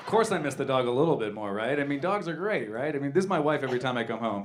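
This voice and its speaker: Man, stand-up comedian, thirties, animated, a bit high-voiced, live club stage, noisy recording. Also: fast. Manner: animated, jumps into loud high-pitched voices for characters.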